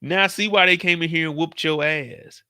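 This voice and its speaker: A young man with a bright, forceful voice, riffing casually and profanely as he recaps a show and slips into the characters' lines. The sound is close and dry, with no room around it. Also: fairly high pitch, steady tone, moderate pace, clear, resonant tone, no echo. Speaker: show commentator. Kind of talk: animated casual recap commentary.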